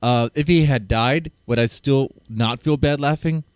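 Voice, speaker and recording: A man's voice: mid-range voice, measured pace, clear, resonant tone, no room sound, studio quality. A man streaming and reacting to clips, joking crudely and rambling with restarts. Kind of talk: casual reaction commentary.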